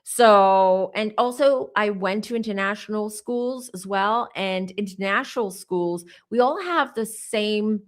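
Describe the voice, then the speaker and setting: A tarot reader with a mixed American and British accent chats casually with her livestream audience, answering comments in an opinionated, rambling way and often restarting and stumbling over her words. Her mid-range voice moves at a measured pace with few pauses.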